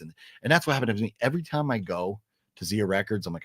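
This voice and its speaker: A man hosting a casual live chat, reading out chat messages as he goes, animated and rambling, with many fillers and restarts. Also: medium pitch, fast talker, no room sound, studio quality. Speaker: livestream host reading chat.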